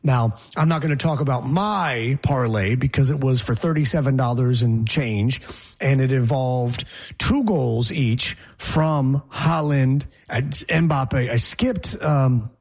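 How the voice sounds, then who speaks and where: A man's voice: medium pitch, takes it slowly, darkish tone, slightly rough. A man hosting a sports talk show, opinionated and rambling as he jokes through the banter.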